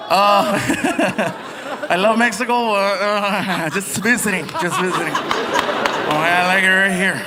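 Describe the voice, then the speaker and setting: A man performing a stand-up comedy set on a theater stage, animated and playful, slipping into voices. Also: sits high, normal speed, long reverb tail. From United States. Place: large theater with live audience. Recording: live stage recording with loud crowd.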